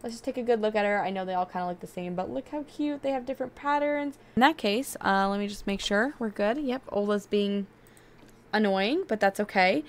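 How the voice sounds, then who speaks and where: A young adult woman giving casual, chatty gameplay commentary, excitable and quick to get frustrated. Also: mid-range voice. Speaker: video game streamer.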